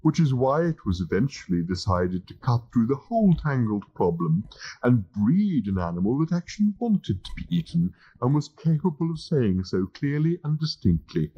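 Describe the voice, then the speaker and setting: A man voicing a polite, unhurried bovine creature that was bred to be eaten, on an old audiobook tape. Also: mid-range voice, very animated, dark tone, breathy edge, highs cut off, pitched above the performer's own voice. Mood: coaxing.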